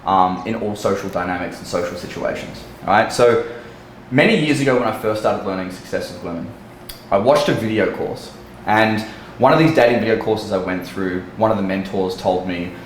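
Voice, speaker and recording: A man's voice: on the low side, normal speed, slight background noise. A young man, a dating coach, telling a story casually in a blunt, profane way. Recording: echoey room.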